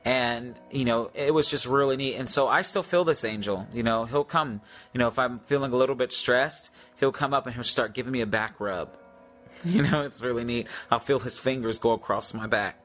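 A man's voice: mid-range voice, normal speed, fairly bright tone, faint music behind. A man ministering in prayer, sharing a testimony and making repeated healing declarations, with many fillers.

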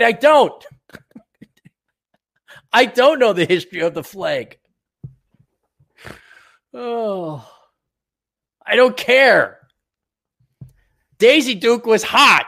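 A man's voice: high-pitched, a bit bright. Profane, sarcastic man hosting a podcast. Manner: mock voices for people he ridicules. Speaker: podcast host. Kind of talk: solo podcast rant.

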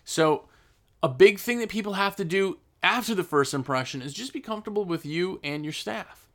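A man who runs a trades business, giving blunt, emphatic business advice in a casual talk and slowing down to stress his points. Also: high voice, lively intonation, a bit bright. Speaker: business owner.

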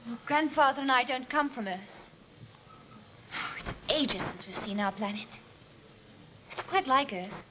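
Woman acting young traveller, wistful, earnest, highish voice, hissy old TV recording. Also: a little slow, pauses often, lightly acted. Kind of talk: 1960s TV drama acting.

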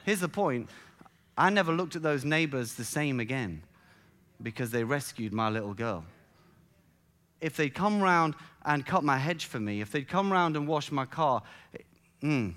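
High-voiced pastor preaching. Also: male voice, fairly bright tone. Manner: halting restarts, storytelling with emphatic build-ups. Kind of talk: sermon.

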